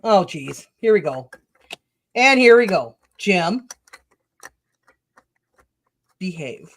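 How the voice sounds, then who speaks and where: A woman's voice: mid-range voice, very animated, slow pace. A woman hosting a casual livestream chat, talking loosely and offhand with guests and laughing easily. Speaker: livestream host.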